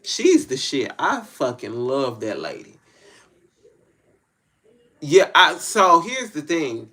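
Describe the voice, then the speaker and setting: A man's voice: a little high, wildly swooping pitch, slow pace, bright, forceful tone. Blunt Southern US man, slangy and profane. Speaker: spiritual reader. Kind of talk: casual rambling monologue.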